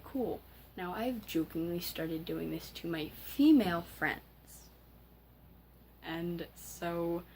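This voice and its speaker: A teenage girl ranting casually to camera as a vlogger, halting, with many fillers and restarts. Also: low voice, slight background noise, low-quality recording. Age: teens.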